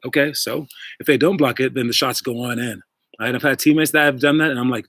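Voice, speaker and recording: A man's voice: mid-range voice, quick pace, a bit bright, no room sound. Rambling casual male coach. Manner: rambling, filler-heavy, addresses viewers directly. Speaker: basketball coach and show host. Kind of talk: casual livestream talk and coaching. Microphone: wireless earbuds.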